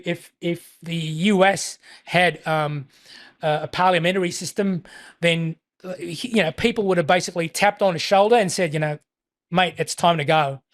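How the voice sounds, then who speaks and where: A man impersonating an older former Australian leader with an Australian accent, relaxed and chuckling as he speaks. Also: sits high. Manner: laid-back, chuckling, drawn-out delivery.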